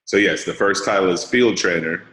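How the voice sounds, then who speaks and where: A man with a low voice leads an online sales training over a video call, explaining things casually and step by step while checking that the group is keeping up. He speaks at a moderate pace with a pushed, bright tone, and the audio has a roomy echo.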